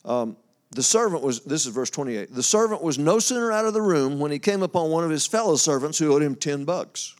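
A man delivers a sermon in a relaxed, conversational way, his voice sitting a little high for a man. He reads scripture aloud, stops to explain it, and chats with his listeners. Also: brisk. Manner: folksy, talks to the congregation, loses his place and laughs. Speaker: preacher.

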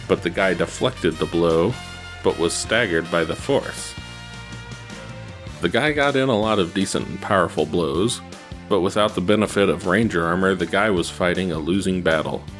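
A man narrates an action story in a steady, even reading. His voice sits low, and faint music plays beneath him. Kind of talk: reading fan fiction aloud.

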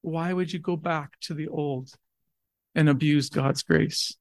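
Emphatic preaching man, higher voice. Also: steady tone, measured pace, gravelly, no echo. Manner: earnest, emphatic preaching with rhetorical questions. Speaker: pastor. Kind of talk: sermon.

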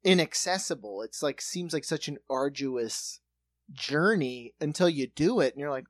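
A podcast co-host with a lively voice that swoops up and down, chatting casually and dropping the odd curse. The sound is dry and close to the mic. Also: mid-range voice, moderate pace, no echo. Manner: animated, chatty, swearing. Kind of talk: casual chat.

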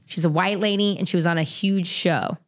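A woman from the San Francisco Bay Area telling stories in a casual chat, animated and profane. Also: lowish voice, brisk. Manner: profane, animated storytelling with shouted quotes. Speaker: guest.

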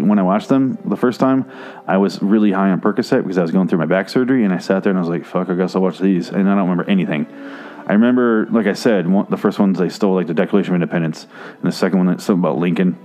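A man with a low, mellow voice rants casually about movies, rambling and swearing freely. When he gets worked up, his voice leaps high with exasperation. Faint music plays behind him. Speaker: movie reviewer. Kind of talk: casual profane movie rant.

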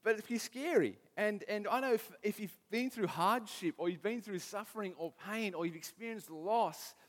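A man's voice: high-pitched, moderate pace, a bit bright, long reverb tail. A man, preaching a casual sermon with stories from home, often restarting his sentences. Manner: conversational, self-deprecating, restarts often.

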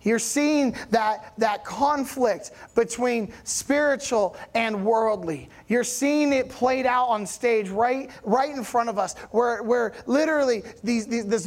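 With a very high-pitched voice, a male pastor gives a relaxed, conversational sermon in church, as if chatting with friends. He checks in with the congregation and gets animated, his voice rising to stress the big points.

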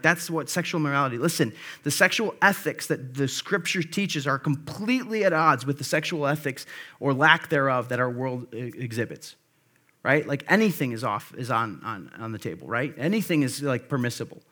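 A man's voice: mid-range voice, expressive, moderate pace, bright, forceful tone. A man preaching a sermon, reading scripture aloud and paraphrasing it in a casual, conversational way. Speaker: pastor.

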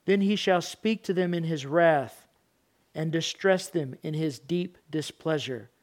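A middle-aged man preaching a sermon, animated, acting out parents and children in raised voices. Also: fairly high pitch, measured pace. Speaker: pastor.

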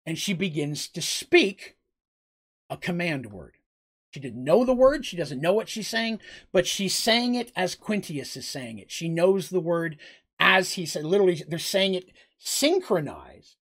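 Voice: mid-range voice, lively intonation, a little slow, fairly bright tone, husky. Game master narrating combat blow by blow. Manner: vivid, blow-by-blow combat storytelling with frequent restarts. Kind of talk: improvised narration of a tabletop game.

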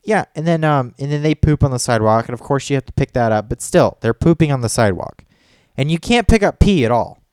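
A man's voice: medium pitch, lively intonation, quick pace, a little mellow, smooth, dry recording, studio quality. A man telling a story in a casual podcast chat, rambling and swearing often. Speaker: podcast co-host.

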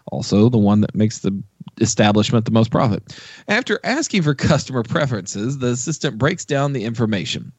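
A man's voice: medium pitch, no echo. Man reading news with dry asides. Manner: reads copy with dry asides. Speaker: podcast co-host. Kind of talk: reading news item in casual chat.

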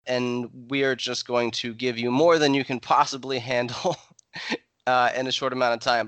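A man's voice: medium pitch, a bit bright, clear, resonant tone, dry recording. A man hosting a casual podcast chat, upbeat and playfully hyping up his guest. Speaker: podcast host.

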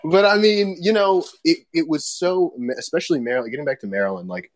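A man's voice: fairly high pitch, animated, brisk, no echo. A man hosting a podcast in casual chat, rambling and laid-back, laughing often and swearing, recorded over a remote voice chat. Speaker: podcast host.

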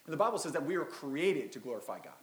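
A man's voice: on the high side, big pitch swings, fast, echoey room. A man preaching a Christmas sermon as pastor, reading scripture and breaking in with casual, self-deprecating asides.

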